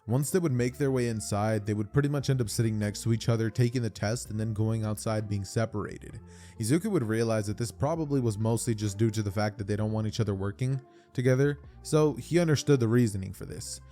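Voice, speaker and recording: Mellow-voiced man casually retelling a story. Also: lowish voice, fairly quick, soft background music. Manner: slangy and chatty, with restarts. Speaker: YouTube storyteller. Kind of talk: casual fan-fiction retelling.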